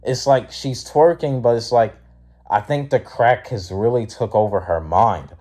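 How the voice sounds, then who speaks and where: Sleepy philly guy, slow and mellow, rambling with lots of likes. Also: medium pitch. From Philadelphia, USA. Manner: rambling, many fillers, blunt and profane when heated. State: sleepy, yawning. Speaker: student vlogger. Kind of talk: casual storytelling.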